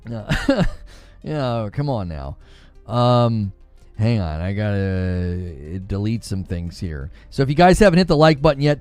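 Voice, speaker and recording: A man hosting a casual gaming livestream, animated and laughing often as he reads and answers chat. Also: medium pitch, no echo.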